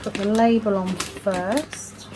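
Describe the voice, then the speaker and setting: A woman chats casually on her vlog as she sorts craft supplies at home. She is self-deprecating and reads numbers out slowly under her breath. Her voice sits at a middle pitch, and a steady hiss runs underneath. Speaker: vlogger. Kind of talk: casual chat while sorting craft supplies. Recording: noisy background hiss.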